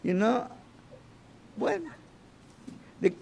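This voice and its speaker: A man teaching an informal Torah lesson as a rabbi, halting and restarting his phrases and often asking "you know?". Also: high-pitched, very animated, vocal fry, a little mellow, husky.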